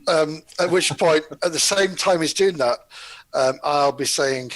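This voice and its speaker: A man taking part as a player in a tabletop game, describing his character in a measured way. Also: on the high side, fairly bright tone, low-quality recording.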